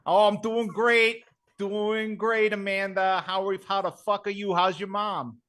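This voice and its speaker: A woman's voice: mid-range voice, level tone, measured pace, fairly bright tone, natural voice. A performer voicing a brash, boastful male bachelor with a thick Brooklyn accent in a comedy livestream sketch. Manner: boastful, brash, swears freely.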